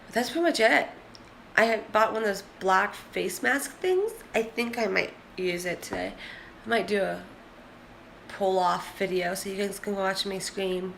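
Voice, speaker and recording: A woman's voice: mid-range voice, creaky, a bit bright, a little hiss or hum. Chatty young woman vlogging. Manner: rambling, chatty, candid. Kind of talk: casual chat to camera.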